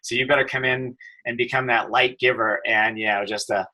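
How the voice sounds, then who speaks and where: Bright-voiced middle-aged man telling stories. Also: medium pitch, brisk, poor audio. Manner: animated storyteller, many fillers and restarts. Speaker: podcast guest, telecom executive. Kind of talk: casual interview storytelling.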